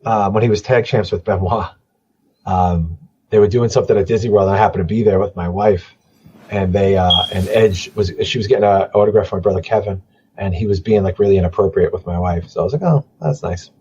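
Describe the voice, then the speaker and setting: A man's voice: deep voice, fairly even intonation, fast talker, darkish tone, muffled recording, a little hiss or hum. A man talking casually on a podcast, rambling and swearing as he tells wrestling stories. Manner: rambling, profane, trailing into mumbles.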